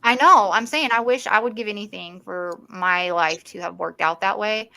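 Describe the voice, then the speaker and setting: A woman's voice: mid-range voice, moderate pace, creaky, no room sound. A middle-aged woman co-hosting a podcast, talking bluntly and swearing freely as she tells stories. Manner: blunt, profane, animated storytelling. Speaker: podcast co-host. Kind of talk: casual chat.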